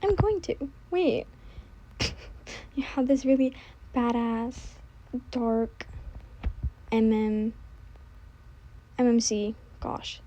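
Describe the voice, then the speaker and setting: A young woman in casual, scattered chat, often trailing off, restarting and dropping to soft asides. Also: fairly high pitch, very slow, pauses often, muffled recording, slight background noise. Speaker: book vlogger. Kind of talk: casual rambling chat while gaming.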